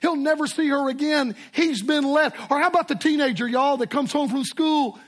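High-voiced older preacher. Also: male voice, normal speed. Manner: emphatic storytelling preacher, repetitive cadence. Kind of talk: sermon. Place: church.

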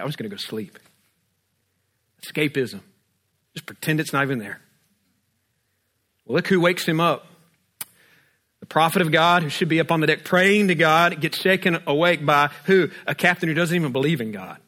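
Preaching man with a higher voice. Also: sharp tone. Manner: rhetorical questions, humorous everyday asides. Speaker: pastor. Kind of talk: sermon.

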